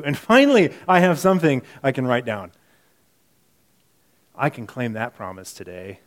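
A man preaching a sermon in a conversational way, reading scripture aloud and moving between quiet, muttered asides and emphatic bursts, often repeating and correcting himself. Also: medium pitch, sing-song, normal speed. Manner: self-correcting, repeats words. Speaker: pastor.

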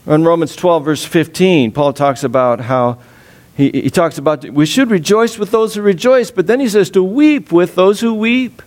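Expressive male pastor preaching. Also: normal speed. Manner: expressive, laughs often, drops low and soft on sad points. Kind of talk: sermon.

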